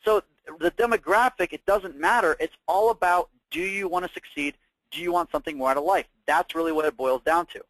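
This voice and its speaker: A man presenting a trading course, making an upbeat sales pitch full of rhetorical questions. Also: fairly quick, fairly bright tone, no echo, rough recording.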